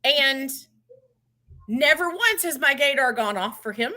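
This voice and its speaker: A middle-aged woman co-hosting a podcast, telling stories in a relaxed, unhurried way with frequent restarts. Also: high-pitched. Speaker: podcast co-host. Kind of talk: casual chat.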